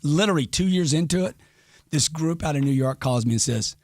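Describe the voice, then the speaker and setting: Middle-aged man, brash and emphatic, crude pep talk, slightly high voice, dry sound. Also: fairly quick, darkish tone, no room sound. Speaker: guest. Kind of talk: podcast interview.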